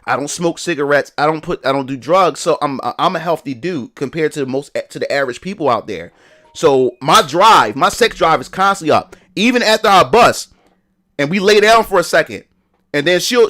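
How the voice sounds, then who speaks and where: A man's voice: fairly high pitch, lively intonation, normal speed, a bit bright. A young man chatting casually on a livestream in a rambling, slangy way, full of restarts and fillers. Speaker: live streamer.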